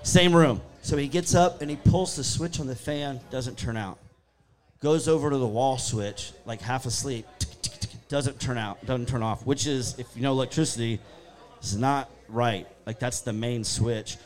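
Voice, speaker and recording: Over soft background music, a man with a medium-pitched voice tells spooky stories at a moderate pace. He's a lively guest storyteller who performs his own quotes in a casual chat.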